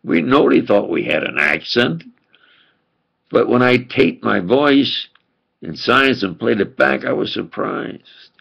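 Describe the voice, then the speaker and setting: An older preacher with a thick New York accent rambles on in an insistent, emphatic monologue. His voice is heavily gravelly and husky, and he talks at a slow, deliberate pace. The recording sounds dull and lo-fi. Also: medium pitch, expressive, a bit bright.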